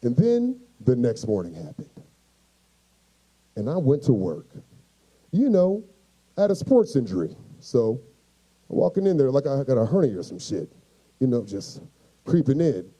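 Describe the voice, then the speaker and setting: A man's voice: mid-range voice, normal speed, pauses often, breathy edge, rough recording. A male stand-up comedian from the United States telling a profane story, acting out voices. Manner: animated, profane, acts out voices.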